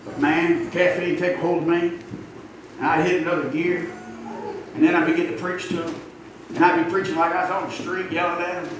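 Man, middle-aged pastor, high voice, folksy preaching, distant mic in a very echoey church. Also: level tone, brisk. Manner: folksy, emphatic preaching with call-and-response. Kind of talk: sermon. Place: church sanctuary. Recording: echoey church from far off, noisy.

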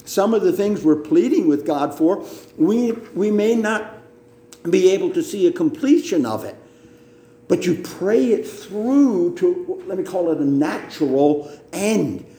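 A male pastor preaching a sermon, emphatic and deliberate, often repeating words as he teaches. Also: sits high, lively intonation, mellow. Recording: roomy echo.

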